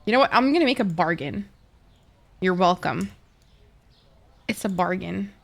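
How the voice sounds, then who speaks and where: A woman's voice: lowish voice, lively intonation, unhurried, vocal fry. Woman, gaming livestream, casual chat, swears often, talks to viewers. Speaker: streamer.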